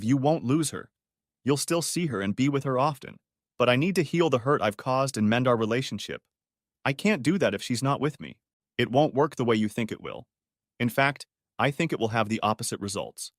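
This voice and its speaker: A man's voice: mid-range voice, no echo, natural voice. Man doing a tearful remorseful wife, whimpering, pleading, dry close sound. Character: sobbing remorseful middle-aged wife.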